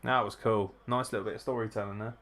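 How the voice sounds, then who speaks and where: A man hosting a live wrestling watchalong, chatting casually, swearing and reacting excitedly to the action. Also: on the low side, fast talker.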